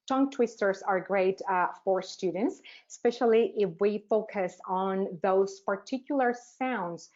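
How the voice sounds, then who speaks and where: Halting woman presenting a dull-sounding webinar. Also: mid-range voice. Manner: rhetorical questions, halting with frequent "uh" fillers. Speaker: teacher trainer presenting a webinar.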